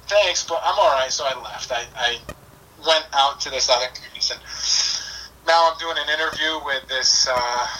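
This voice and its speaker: Bright-voiced man telling a story from afar. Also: medium pitch, distant mic, a little hiss or hum, rough recording. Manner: animated, chatty, full of "like" and "I was like". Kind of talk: casual storytelling.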